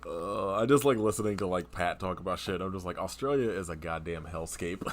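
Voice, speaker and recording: A man's voice: sits low, a little fast, a little hiss or hum. A man co-hosting a podcast, chatting casually about a movie, swearing and laughing often. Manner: profane, laughs often, animated retelling. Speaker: podcast co-host. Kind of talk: casual movie review chat.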